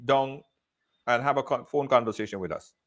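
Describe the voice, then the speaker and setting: A man's voice: mid-range voice, normal speed, fairly bright tone. A man hosting a live call-in show, repeating words as he steers callers.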